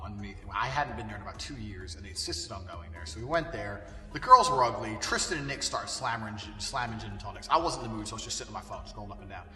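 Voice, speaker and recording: A man's voice: lowish voice, pushed and bright, recorded from a distance. A man delivering a blunt, profane, emphatic monologue. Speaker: speaker giving a self-help rant. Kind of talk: ranting monologue. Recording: echoey hall, voice from afar, faint music.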